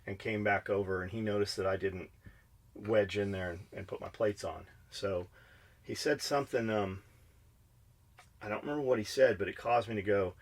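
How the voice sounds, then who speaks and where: At a normal speed and with a fairly low voice, a male podcast co-host tells stories. His casual chat is blunt, profane, and fired up.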